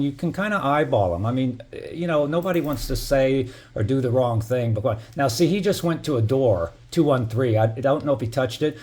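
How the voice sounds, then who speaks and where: This middle-aged man's voice is mid-range with a darkish tone. He's a resident recounting security footage in a laid-back vlog, though he sounds heated, cursing and leaning on "you know."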